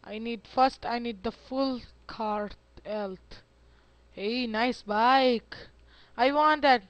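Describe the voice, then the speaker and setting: High bright-voiced guy narrating his game real slow, gets all excited, dry close sound. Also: smooth, dry recording. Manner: excitable, yelps and talks to himself while playing. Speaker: gameplay commentator. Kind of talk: casual let's-play commentary.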